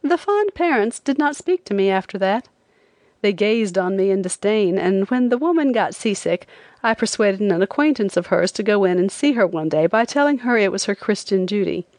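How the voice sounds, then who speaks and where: Lively woman reading a memoir. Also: medium pitch, normal speed, no room sound. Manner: expressive, lively delivery. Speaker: narrator. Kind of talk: audiobook reading of a travel memoir.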